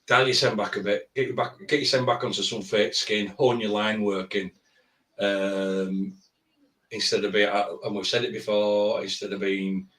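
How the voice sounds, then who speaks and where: Male co-host, measured critique voice, mid pitch, roomy and distant from the mic. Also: fairly bright tone. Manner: measured, plain-spoken critique with hesitations. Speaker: tattoo artist and co-host. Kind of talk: live stream critique chat.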